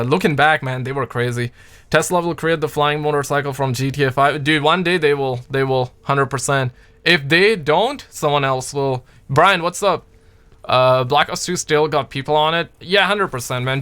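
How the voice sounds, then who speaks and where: Bright, clear-voiced young male streamer. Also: on the high side. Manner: slangy, animated, reads chat aloud. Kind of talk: casual livestream chat.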